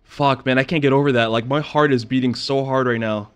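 A man's voice: medium pitch, a little fast, smooth. A man casually commenting on his own video game as he plays, easily startled and prone to swearing. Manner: excitable, swears and yells when scared. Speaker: gaming channel host. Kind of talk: casual let's-play commentary.

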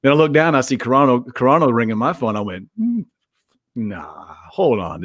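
A man's voice: mid-range voice, expressive, a little fast, no room sound, studio quality. Profane rambling male storyteller. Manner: profane, rambling, acts out quoted dialogue. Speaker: guest wrestler. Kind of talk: casual storytelling interview.

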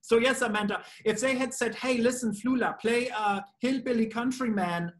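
A man with a German accent, answering interview questions in a playful, jokey way with deadpan asides. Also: extremely high pitch, normal speed. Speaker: voice actor being interviewed. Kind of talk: casual video-call interview.

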